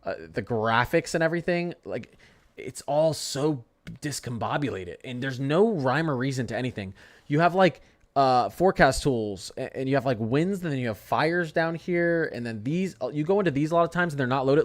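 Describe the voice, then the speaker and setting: A young man hosts a casual live weather stream from his desk mic, rambling, answering his chat, and sliding into heated rants. His voice is medium-pitched, animated, and fairly quick.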